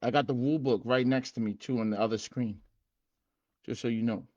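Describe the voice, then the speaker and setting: A man hosting a casual livestream, hyped and streetwise, repeating himself and shouting out viewers by name. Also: medium pitch, steady tone, brisk, muffled recording. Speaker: livestream host teaching game rules.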